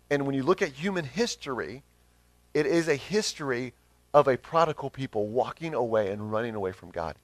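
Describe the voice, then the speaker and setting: A man's voice: medium pitch, no echo. A man in his thirties, a pastor giving an earnest, conversational sermon with rising emphasis.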